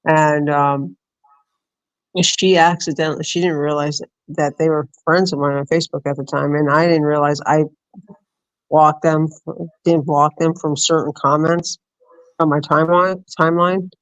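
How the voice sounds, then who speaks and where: A woman from New Jersey hosting a casual late-night chat over an online call, telling stories in quick animated bursts. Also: low voice, no room sound, low-quality recording. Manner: animated storyteller, rapid bursts. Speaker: host.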